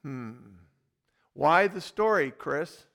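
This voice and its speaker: A man preaching a sermon as pastor, telling a story in an animated, dramatic way. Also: a little high, takes it slowly, creaky.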